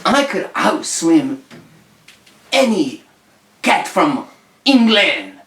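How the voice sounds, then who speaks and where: A cocky French tomcat brags in a slow, smug drawl, as a man acts him out in a podcast story. The voice sounds distant in a roomy space. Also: on the low side, pitched below the performer's own voice, natural voice. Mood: boastful. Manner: smug, drawn-out bragging. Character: boastful male French cat, cocky smoker.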